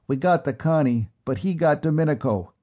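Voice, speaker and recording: A man playing a grim steady marine private. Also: a little high, moderate pace, lo-fi sound, voice pushed up. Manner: grim, matter-of-fact.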